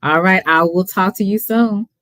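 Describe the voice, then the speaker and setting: A woman's voice: mid-range voice, normal speed, a bit bright, no room sound. A woman with a Texas accent hosting a casual livestream chat, chatty and hesitant with many ums, often laughing. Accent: Texan. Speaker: host.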